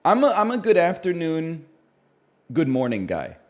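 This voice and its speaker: A man's voice: a little high, huge pitch swings, moderate pace. A man streaming, chatting casually and riffing wryly on his own jokes with mock-serious asides. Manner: rambling, wry, mock-serious bits.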